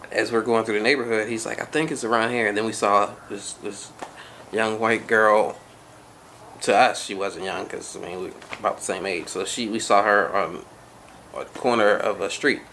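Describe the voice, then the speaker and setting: A man's voice: lowish voice, vocal fry, a bit bright, slight background noise. A young man vlogging, telling a personal story in a casual, conversational way and acting out the lines of the people in it. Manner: conversational, many fillers, acts out quoted lines. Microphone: camera-mounted shotgun mic.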